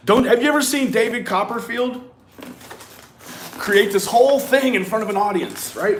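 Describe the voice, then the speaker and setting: A man giving a profane, animated rant to his viewers. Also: sits high, normal speed, slight background noise. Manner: animated, swearing, talks straight at viewers. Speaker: commentary vlogger. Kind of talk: profane ranting commentary.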